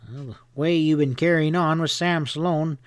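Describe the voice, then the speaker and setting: A man voicing a hot-tempered middle-aged hotel owner in a western audiobook, gruff and blustering. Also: a little high, steady tone, normal speed, dry recording, voice pushed up, lightly acted. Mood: contemptuous.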